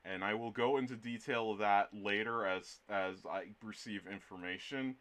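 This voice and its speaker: A man's voice: on the low side, moderate pace, a bit bright. A man streaming his art, chatting casually and playfully with his viewers in a rambling way. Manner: playful, rambling, jokes with chat. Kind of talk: casual live-stream chat.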